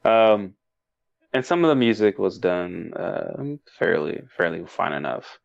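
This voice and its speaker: A man's voice: deep voice, big pitch swings, unhurried, creaky, dry recording. A man co-hosting a casual movie review chat, rambling and emotional, laughing often and restarting his sentences. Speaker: podcast co-host. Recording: dull dry lo-fi sound.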